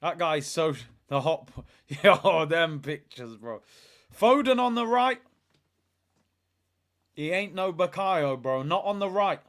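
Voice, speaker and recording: A young man hosting a live football watch-along, talking in excitable, slangy banter as he reacts to the match. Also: on the high side, slow pace.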